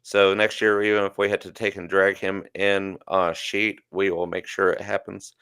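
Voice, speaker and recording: A man's voice: deep voice, little pitch movement, normal speed, fairly bright tone, clear, resonant tone, no echo, studio quality. A man co-hosting a casual livestream podcast, chatty and jokey, often trailing off mid-thought. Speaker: podcast co-host.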